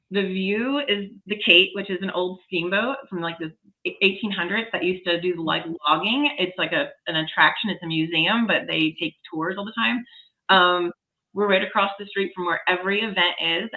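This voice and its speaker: A woman's voice: lowish voice, pushed and bright, muffled recording. A woman in her forties, a podcast guest, telling a story in casual, enthusiastic chat.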